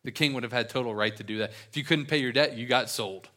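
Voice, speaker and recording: A young male pastor working through a scripture passage, with quick jokes dropped between verses. His voice is bright and forward, and his pitch sits in a middle range. He talks in a relaxed, conversational way. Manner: casual, joking asides while reading scripture. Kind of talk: sermon with Bible reading.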